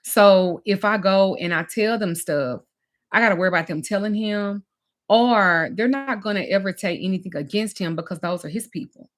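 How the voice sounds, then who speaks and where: A woman's voice: mid-range voice, moderate pace. A middle-aged woman, a spiritual teacher and life coach, telling her own story in a candid, emotional and blunt way, swearing now and then and speaking straight to her listeners.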